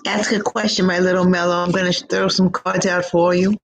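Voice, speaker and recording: A woman giving live psychic tarot readings from home, gushing and affectionate with drawn-out words, speaking into a computer mic. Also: lowish voice, flat delivery, slight background noise, low-quality recording. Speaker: psychic reader.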